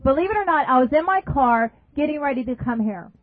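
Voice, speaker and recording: A woman's voice: high-pitched, lively intonation, fairly quick. A woman preaching a sermon emphatically, repeating phrases and asking her listeners questions. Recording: dry, phone-like narrow sound.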